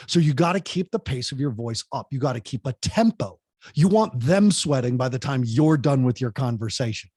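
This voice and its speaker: A man talking fast and with energy as a podcast guest, giving tips on public speaking and addressing the host directly. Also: medium pitch, expressive, a little mellow, breathy edge, dry recording, studio quality. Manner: talks fast and keeps the pace up.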